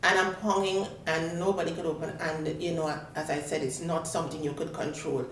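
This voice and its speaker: A woman's voice: deep voice, a little fast. Woman, roomy distant mic. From Tobago. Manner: animated, acts out the voices of others in her story. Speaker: guest. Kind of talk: personal storytelling on a talk show. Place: studio. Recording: roomy sound from a distant mic, faint noise.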